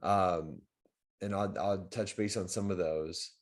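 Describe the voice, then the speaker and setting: Man with a slightly low voice hosting a live stream; loose, conversational, jumps up in energy on key points. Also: slow. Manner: conversational, repetitive restarts, animated swings in loudness. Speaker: host of a live community stream. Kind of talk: casual livestream talk.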